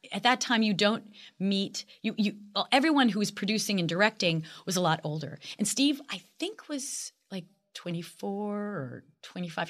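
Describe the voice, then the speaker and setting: A woman in her sixties, an actress and guest, chatting animatedly and telling lively stories in a casual interview. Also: mid-range voice.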